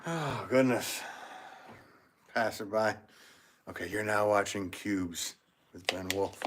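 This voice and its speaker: A man's voice: lowish voice, takes it slowly, a little hiss or hum. Chuckling American man chatting on a livestream. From United States. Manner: jokey, chuckles often. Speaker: potter hosting a livestream. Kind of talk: casual livestream chat, reading out viewer comments.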